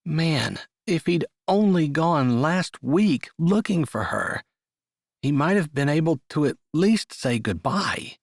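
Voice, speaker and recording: A man narrating a romance audiobook in a steady, measured storytelling voice. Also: on the high side, gravelly, no room sound, studio quality. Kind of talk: scripted narration.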